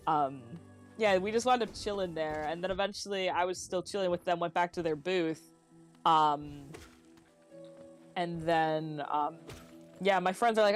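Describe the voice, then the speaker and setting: Chill young co-host reading chat, mid-pitched voice, faint game music in the back. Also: normal speed, pauses often. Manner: relaxed, laughs often, gives game tips. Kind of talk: casual chat on a game stream.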